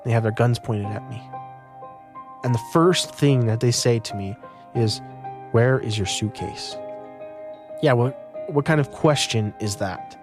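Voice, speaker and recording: A man's voice: medium pitch, measured pace, over music. A young man from Utah earnestly recounting his own story in an interview. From Utah, United States. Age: young adult.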